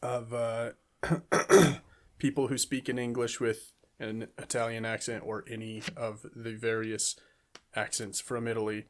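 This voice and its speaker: A man co-hosting a casual movie review podcast, relaxed and enthusiastic, laughing often. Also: medium pitch, measured pace. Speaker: podcast co-host.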